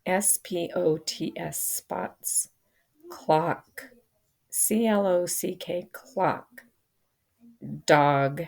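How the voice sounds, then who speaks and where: A woman with a low, gravelly voice leads a phonics lesson at a very slow, careful pace. She says each word, spells it out letter by letter, then says it again. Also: darkish tone. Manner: spells words letter by letter, deliberate. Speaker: English reading teacher.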